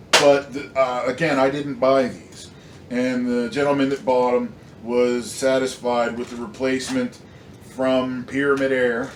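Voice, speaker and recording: Frustrated man in an echoey room. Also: medium pitch. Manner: frustrated, emphatic, rambling with fillers. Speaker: airgun reviewer. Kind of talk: casual product review rant. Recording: echoey room, slightly distant mic, faint noise.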